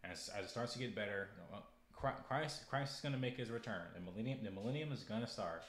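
A man's voice: on the low side, fast, echoey room. A young married man hosting his own podcast, rambling and preachy, repeating his words as he gets heated. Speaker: podcast host. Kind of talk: casual podcast monologue.

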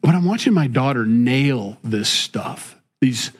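A man's voice: mid-range voice, animated, slow, husky. A middle-aged man talking casually and earnestly, rambling with many restarts and drifting into preaching about faith. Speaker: father and faith-based talk host.

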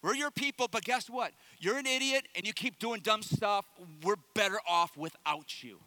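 A man's voice: high-pitched, normal speed, sharp tone, no room sound. A man voicing a timid crowd of men who plead meekly, then turn blunt, in a comic retelling during a sermon. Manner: meek, hesitant, then blunt.

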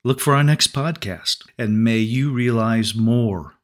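A man's voice: mid-range voice, measured pace. A man preaching a sermon for a podcast, telling a story with expression.

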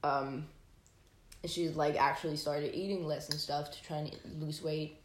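A young woman hosting, telling a personal story casually, animated and full of fillers and swearing. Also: low voice, unhurried, slight background noise. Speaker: host. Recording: echoey room.

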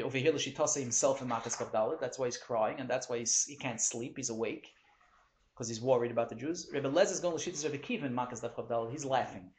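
A man teaching a Talmud lesson in Yeshivish English, talking fast and animated, swinging between loud exclamations and low asides. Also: echoey room, slight background noise. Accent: Yeshivish English with Hebrew and Yiddish terms. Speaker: Torah teacher.

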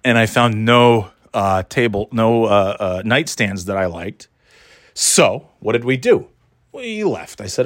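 A man's voice: on the low side, expressive, a little slow, dry recording, studio quality. A man telling a rambling, profane story in a casual, exasperated way, laughing as he goes.

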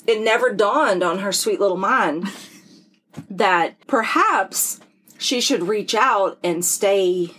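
A woman's voice: medium pitch, slow pace, a bit bright, breathy edge, poor audio. A middle-aged woman co-hosting a casual chat, telling stories candidly and sarcastically, with some swearing. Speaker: podcast co-host.

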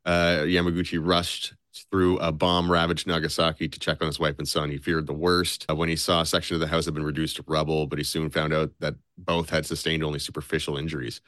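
A man's voice: very deep voice, flat delivery, a little fast, a bit bright, no room sound, clean studio sound. A young man on a podcast, casually retelling a story, rambling and cursing a lot. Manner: swears a lot, loose and rambling. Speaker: podcast co-host.

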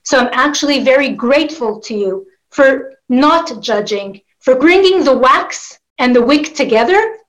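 A woman's voice: high voice, lively intonation, measured pace, hardly any pauses, low-quality recording. A woman journalist interviewing a guest, heartfelt and full of blessings, using Hebrew phrases. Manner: warm, blessing-giving, uses Hebrew phrases. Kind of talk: interview questions.

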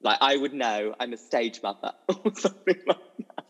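A young man, a musical theatre performer, telling stories as a guest in an animated, giggly way. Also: mid-range voice, normal speed. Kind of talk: casual chat. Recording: dull audio with long reverb.

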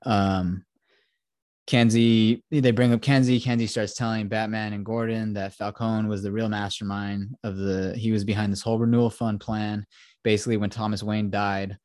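A male podcast host rambles through a movie recap, swearing freely and acting out the lines. His voice sits a little low. The sound is dry and close. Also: level tone, moderate pace, a little mellow, no room sound. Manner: profane, rambling, quotes characters.

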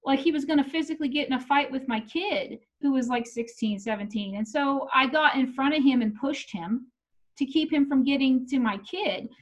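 A woman's voice: high-pitched, normal speed. A middle-aged woman telling a personal story in casual chat, swearing freely and acting out what people said. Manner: animated, profane, acts out quotes. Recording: muffled lo-fi audio.

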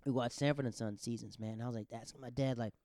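A man hosting a podcast, telling stories in a casual, animated, slangy way and acting out the quotes. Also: mid-range voice, dry recording, studio quality. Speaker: podcast host. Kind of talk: casual storytelling.

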